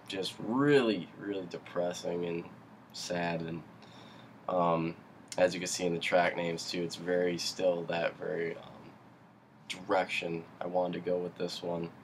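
Deep-voiced young man, halting and emotional. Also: slight background noise. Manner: halting, emotional, swears when angry. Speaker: musician. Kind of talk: personal video talk.

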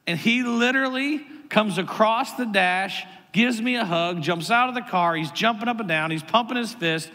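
A man in his thirties preaches to a church crowd with a high, bright voice that rings through a big hall with a long echo. He tells a family story and slips into his son's pleading tone now and then. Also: moderate pace, hardly any pauses. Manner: animated storyteller, acts out his son's whiny voice. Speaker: pastor. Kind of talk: sermon with storytelling. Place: large church auditorium.

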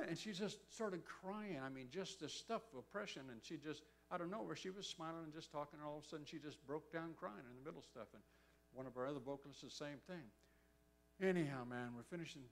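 Man, preacher, sermon storytelling, animated, acts out quotes, fairly high voice. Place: church.

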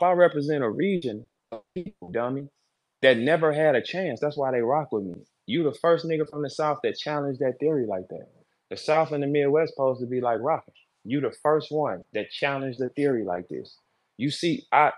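A fired-up man on a live audio chat. He rants with a fairly high voice, repeating short punchy lines, and keeps dropping from loud bursts into low, threatening mutters. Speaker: battle rapper. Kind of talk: heated Twitter Spaces rant.

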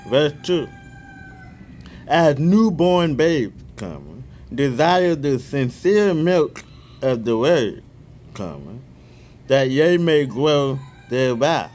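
A man praying fervently and reading scripture aloud outdoors, excitable and stumbling over repeated words, speaking each punctuation mark aloud. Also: mid-range voice, takes it slowly. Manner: reads punctuation marks aloud. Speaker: online Bible reader.

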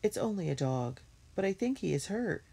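A woman's voice: mid-range voice, very animated, normal speed, creaky, husky, voice pushed up, exaggerated voice. A woman voicing a kind, motherly older sister in a children's storybook read-aloud. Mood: gentle. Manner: gentle, orderly.

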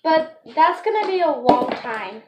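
A woman's voice: high voice, sing-song, unhurried. A young girl chatting with a friend for a vlog, teasing and bossy, recorded from a distance in an echoey room. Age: child. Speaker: young vlogger. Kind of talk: casual chat. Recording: echoey room, distant mic, faint noise.

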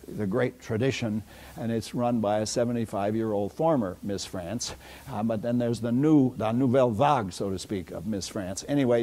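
A man's voice: fairly low pitch, dark tone. Rambling older man lecturing philosophy. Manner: rambling, digressive, many "uh" fillers. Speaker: philosophy professor. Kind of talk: university lecture. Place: lecture hall. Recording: lecture hall recording.

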